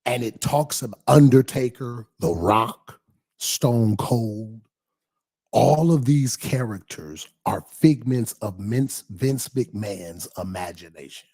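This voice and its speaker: A man, a pastor, chatting casually on a livestream, reading viewers' comments aloud and answering them, lively at times and dropping to near whispers. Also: medium pitch, slow.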